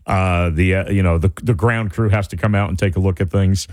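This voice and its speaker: A man imitating a male airline pilot who apologizes over the intercom, halting with fillers. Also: sits low, fairly even intonation, a little mellow, no room sound, clean studio sound, voice pushed down, lightly acted. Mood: apologetic.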